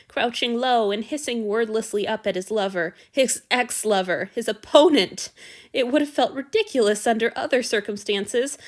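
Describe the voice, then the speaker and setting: A woman narrating a fan fiction story aloud in a steady, expressive reading. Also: mid-range voice.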